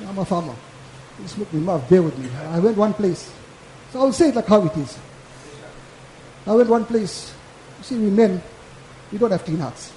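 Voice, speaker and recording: Giving a Friday sermon, a maulana from South Africa speaks at a moderate pace with frequent pauses, his very high, lively voice mellow in tone. He preaches casually and emphatically, repeating each point, in an echoey mosque-hall sound with slight hiss or hum.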